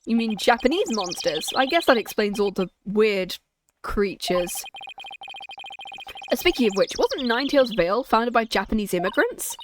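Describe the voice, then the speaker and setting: A woman's voice: fairly high pitch, very animated, normal speed, noisy background. A woman streamer giving chatty, jokey let's-play commentary as she plays a game and voices its characters. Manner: chatty, jokey and self-mocking.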